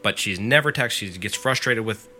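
A man's fairly low, pushed, bright voice carries a scary story on a podcast at normal speed, with faint music in the background. He retells it casually, stuffing it with fillers like "like" and quoting the person who told it.

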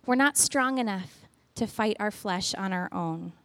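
A woman's voice: mid-range voice, unhurried. A woman who leads worship, telling a chatty story full of "like" that turns into an earnest devotional exhortation. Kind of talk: devotional talk.

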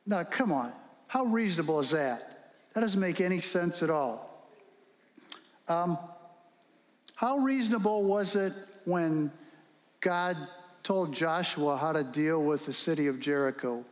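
A man's voice: high-pitched, measured pace, pauses often. A male pastor preaching a sermon, telling stories animatedly and firing rhetorical questions. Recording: long reverb in a hall.

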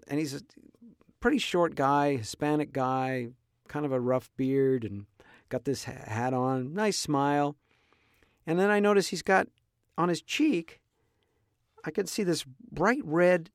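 A man's voice: on the high side, creaky, dry recording, studio quality. A middle-aged man from Southern California, hosting a podcast and telling a rambling story in a casual, chatty way with restarts and laughs. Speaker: podcast host.

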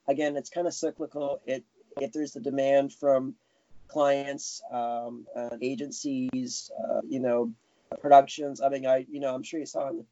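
A man's voice: on the high side, dark tone, no echo. A man being interviewed, chatting casually with lots of restarts. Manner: rambling, self-correcting, chuckling. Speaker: guest animator. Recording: dull lo-fi sound.

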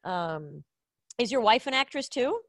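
Upbeat woman host on a video call, bit high voice, chatty asides. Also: sing-song, moderate pace, no room sound, clean studio sound. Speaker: talk show host. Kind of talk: casual video-call chat.

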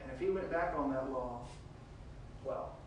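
A man preaching a sermon, reading scripture verses aloud and retelling them with big swings between loud and quiet. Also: mid-range voice, measured pace, heavy reverb, far from the mic, a little hiss or hum, rough recording.

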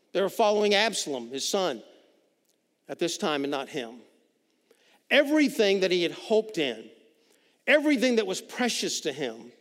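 A man preaching a sermon as pastor, swinging between loud emphatic lines and hushed quiet ones. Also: high-pitched. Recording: reverberant hall.

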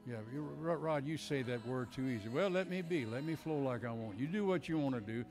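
A man in his eighties preaching a fervent revival sermon in a church, swinging from loud exhortation to soft personal words. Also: mid-range voice, animated, a little fast, soft background music. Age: 80s.

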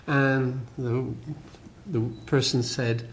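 Older man, West Country accent, relaxed self-deprecating lecturer, faint noise behind. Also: medium pitch, a little slow. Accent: West Country English. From West Country of England. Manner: chatty, self-deprecating, many fillers and restarts. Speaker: guest lecturer. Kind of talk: public lecture. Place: lecture hall.

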